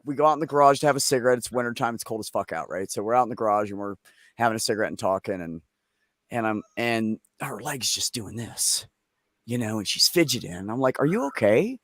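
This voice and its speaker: A man's voice: fairly low pitch, animated, fast talker, fairly bright tone, no room sound, clean studio sound. A middle-aged man hosting a casual live chat, telling stories bluntly and with lots of swearing and joking. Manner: blunt, profane, joking storyteller. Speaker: livestream host.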